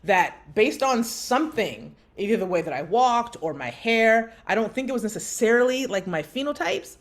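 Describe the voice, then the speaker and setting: A woman in her thirties co-hosting a podcast, telling a story in lively conversation and acting out the voices of people she quotes. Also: moderate pace. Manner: animated, acts out quotes with big pitch jumps. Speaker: podcast co-host.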